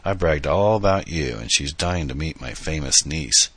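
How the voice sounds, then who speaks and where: A kindly older uncle, as the narrator voices him, genial and fatherly, with a gentle teasing streak. The bright, slightly husky voice sits close in a dry recording. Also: rumbling low, expressive, normal speed, dry recording, exaggerated voice. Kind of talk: audiobook dialogue.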